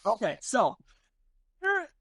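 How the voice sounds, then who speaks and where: A man's voice: very high-pitched, wildly swooping pitch, bright, forceful tone, no echo. A man running a tabletop game as game master, with many stammered restarts. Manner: stammering restarts, quick laughs.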